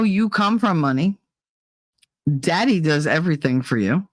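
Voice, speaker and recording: A woman's voice: sits low, lively intonation, unhurried, no room sound. Profane ranting woman podcast host. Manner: profane and blunt, swears freely; exasperated, ranting. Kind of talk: casual rant.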